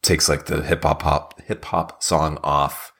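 A man's voice: very deep voice, flat delivery, a little slow, a bit bright, husky. A man co-hosting a podcast, rambling casually with lots of fillers. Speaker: podcast co-host. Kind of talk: casual chat.

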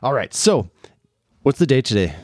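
A man's voice: medium pitch, sing-song, normal speed, no room sound, studio quality. A middle-aged man and father hosting a podcast, chatting casually in a playful, teasing way. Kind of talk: casual family chat.

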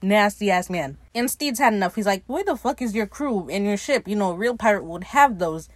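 A woman in mid-register tells an episode's story like gossip to a friend, breaking into laughter and cursing as she goes. She recorded close to the mic in a dry, dead space. Her tone is animated and playful. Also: mid-range voice, fairly quick, no room sound. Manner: animated, laughing often, retelling scenes with playful quoted voices; swearing, sassy commentary. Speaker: recap podcaster. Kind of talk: casual TV episode recap.

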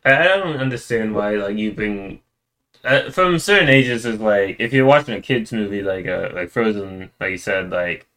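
A man co-hosting a casual podcast chat, talking haltingly with frequent restarts. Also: fairly low pitch, animated, a bit bright. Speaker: podcast co-host.

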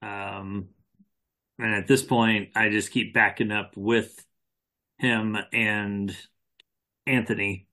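A man's voice: fairly low pitch, level tone, takes it slowly, long pauses, pushed and bright. A man playing in a tabletop game, talking hesitantly with um's and restarts. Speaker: player. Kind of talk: casual tabletop play.

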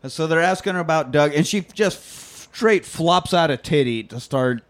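A man's voice: fairly high pitch, normal speed. A man co-hosting a podcast, retelling a film scene by scene in casual, profane chat and acting out the characters' lines. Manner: animated, profane storytelling with quoted voices. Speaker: podcast co-host recapping a film.

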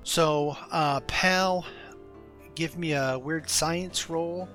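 Guy game master narrating, kinda high voice, loose and rambly, music under it. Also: very slow. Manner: relaxed, loose narration with many fillers.

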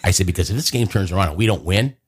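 Deep husky man. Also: racing. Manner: animated, acts out quotes in a raised voice. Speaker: podcast host telling a story. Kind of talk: casual storytelling chat.

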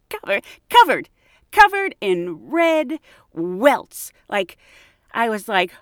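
Animated, chatty woman podcast host. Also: high voice, slow pace, long pauses, no echo, clean studio sound. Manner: chatty, laughs often, acts out quotes. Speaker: podcast host and flight attendant. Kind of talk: casual storytelling podcast.

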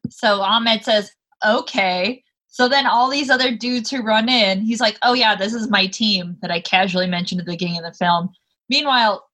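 A woman co-hosting a podcast in casual chat, chiming in eagerly and swearing while retelling a film. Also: fairly high pitch. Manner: excitable, swears, chimes in with agreement. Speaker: podcast co-host. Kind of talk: casual movie recap chat.

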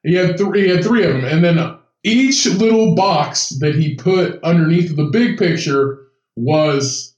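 A man co-hosting a casual podcast, telling a story loudly, laughing and swearing. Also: a little high, unhurried, far from the mic, muffled recording. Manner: loud, laughing storyteller, swearing, rises into shouts. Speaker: podcast co-host. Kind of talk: casual chat. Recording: echoey room, voice off-mic.

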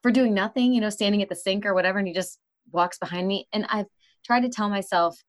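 A woman's voice: mid-range voice, quick pace. A woman hosting a podcast, talking frankly and conversationally and often laughing mid-sentence. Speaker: podcast host. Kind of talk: casual interview talk.

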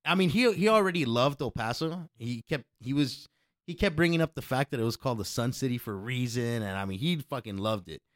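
A man telling a long story in casual, profane chat, acting out other people's lines in loud bursts. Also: mid-range voice, brisk, dry recording, studio quality. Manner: profane, animated, acts out quotes loudly.

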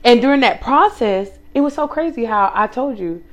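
A woman's voice: on the high side, moderate pace. A young woman co-hosting a casual faith podcast, telling a personal story with emphasis, talking straight to listeners and acting out what people said. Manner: animated storytelling, acts out quoted speech. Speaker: podcast co-host.

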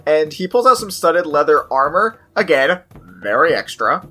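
A woman runs a tabletop game, describing scenes and improvising rules. Her voice is low but moves a lot, with faint music behind her. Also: moderate pace, husky. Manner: relaxed, improvising. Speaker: game master.

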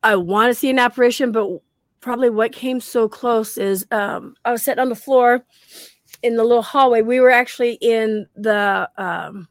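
A woman telling paranormal stories on a casual podcast, animated, acting out quotes and laughing often. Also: on the high side, moderate pace, dry recording, studio quality. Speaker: guest paranormal investigator.

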